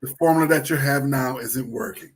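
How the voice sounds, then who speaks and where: A man's voice: mid-range voice, steady tone, a little fast. A man co-hosting a sports talk show, chatting casually, repeating phrases and plugging other shows.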